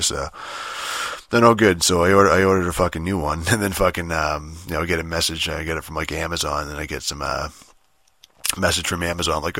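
Man, very low voice, forceful and tense, profane rambling gamer rant, dry close sound. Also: steady tone, fast, no room sound. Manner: profane, rambling, laughs often. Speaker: gaming vlogger. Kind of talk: casual rant.

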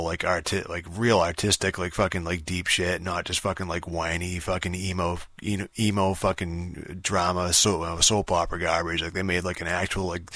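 Man, very deep voice, monotone, profane rambling rant, dry close sound. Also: dry recording. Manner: profane, rambling, heavy filler words; annoyed, dismissive. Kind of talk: casual ranting monologue.

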